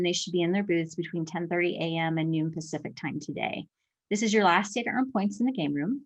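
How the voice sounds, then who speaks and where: A woman leading an industry council, making friendly, enthusiastic event announcements. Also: on the low side.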